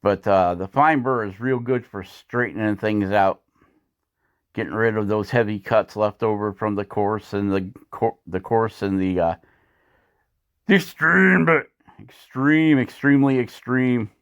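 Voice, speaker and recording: A man's voice: fairly low pitch, moderate pace, clean tone, lo-fi sound. A man narrating a woodcarving video in a folksy, rambling way, chuckling at his own asides. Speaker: woodcarving channel host. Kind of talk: voice-over narration of a carving video.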